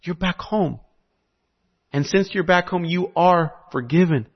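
A man's voice: high voice, measured pace, husky, voice pushed up, full character voice. A preacher voicing a tender old father. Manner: gentle, reassuring. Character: loving old father welcoming his son home. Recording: slightly muffled recording.

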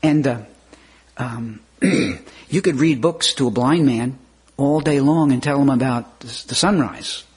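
A man preaching a sermon at a deliberate, unhurried pace. His voice is husky and a little breathy, mid-pitched. He builds to rising, emphatic questions and keeps clearing his throat between phrases. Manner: slow, measured delivery with rising emphatic questions.

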